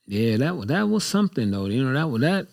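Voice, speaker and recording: A man's voice: medium pitch, very animated, quick pace, creaky, darkish tone. Candid rambling man hosting a show. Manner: rambling, repeats himself, candid. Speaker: show host. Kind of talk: casual reflective monologue.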